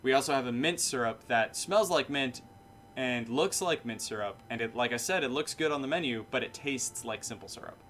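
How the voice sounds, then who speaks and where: A man's voice: mid-range voice, lively intonation, moderate pace, fairly bright tone, a little hiss or hum. A male live streamer and bartender, chatting casually in a matter-of-fact way, his sentences ending on a downbeat. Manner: matter-of-fact, falling inflections; rambling, self-correcting. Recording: music playing behind.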